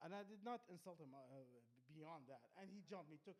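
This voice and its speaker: Profane high-voiced comic ranting defiantly. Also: male voice, moderate pace. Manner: profane, defiant, loud bursts then muttering. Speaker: stand-up comedian. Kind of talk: rambling open-mic stand-up rant. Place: small comedy club.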